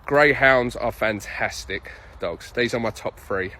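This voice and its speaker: A man's voice: medium pitch, unhurried, pushed and bright, roomy sound, a little hiss or hum, poor audio. A man working as a dog trainer, giving blunt, no-nonsense instructions with the odd swear word. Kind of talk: direct instructional tips.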